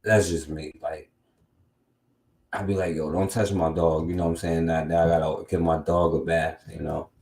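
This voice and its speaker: A man with a very deep voice hosts a casual talk show, rambling loosely and tagging many of his sentences. His voice rings around an echoey room. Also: flat delivery, moderate pace, a little mellow. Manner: loose and rambling, lots of filler tags. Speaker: podcast host. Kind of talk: casual commentary.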